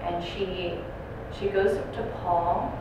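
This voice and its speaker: Woman telling stories to a care class, shouts out the residents' lines, echoey far mic, noisy. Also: lowish voice, steady tone, takes it slowly, dull audio. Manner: storytelling, acts out residents loudly. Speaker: dementia care trainer. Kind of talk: training talk to a class.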